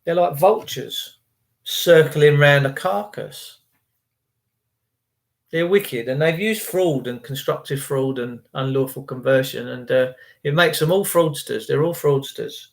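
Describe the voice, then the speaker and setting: A man's voice: medium pitch, vocal fry. A man in his fifties giving a rambling, preachy and indignant rant on his livestream. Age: 50s. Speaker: vlogger on a livestream. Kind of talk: casual ranting monologue.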